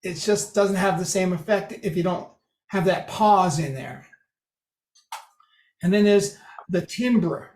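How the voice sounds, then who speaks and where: Casual online lecturer, mid pitch, chatty with restarts; video call sound, echoey room. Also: takes it slowly, pauses often, darkish tone. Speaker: presenter. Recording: roomy echo.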